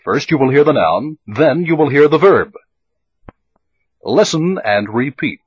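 A man giving measured, scripted instructions and questions for a language drill. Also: on the high side, lively intonation, husky, dry recording. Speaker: lesson prompter. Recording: dull lo-fi old tape recording.

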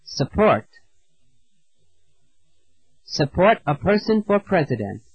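Like an old lo-fi lesson tape, the audio is dull and dry with no echo as a man leads scripted English drills. Slow, clear and deliberate, he pauses between words and sentences for learners to repeat, his slightly high, husky voice moving through big pitch swings.

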